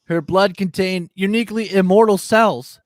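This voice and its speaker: A man's voice: high-pitched, moderate pace, no room sound. A man co-hosting a casual show, reading a list aloud and laughing often. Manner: reads out a list, laughing a lot. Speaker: co-host.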